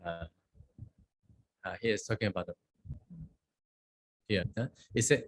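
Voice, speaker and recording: Husky-voiced monk teaching scripture language. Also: male voice, lowish voice. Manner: checks in with frequent "okay?" and "huh?"; recites scripture lines slowly. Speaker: Buddhist monk teaching Pali.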